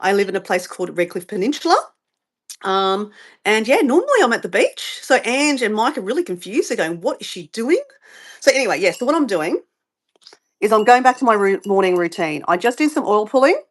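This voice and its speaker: A middle-aged Australian woman talks her way through a morning routine on a live stream. Her delivery is rambling and chatty, and she keeps drifting off topic to greet viewers and answer their comments. Her pitch sits right in the middle for a woman. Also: big pitch swings, fairly quick.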